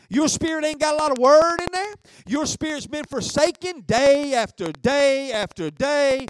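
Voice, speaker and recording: A man's voice: extremely high pitch, a little hiss or hum. A man pastor preaching a fervent, folksy sermon with call-and-response exclamations.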